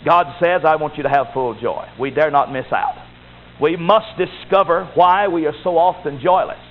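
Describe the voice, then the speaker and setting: Emphatic Baptist preacher on a tinny recording. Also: male voice, a little high, normal speed. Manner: emphatic, repetitive preaching with rising exhortations. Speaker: Baptist pastor. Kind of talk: sermon. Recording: tinny phone-like recording with faint hiss.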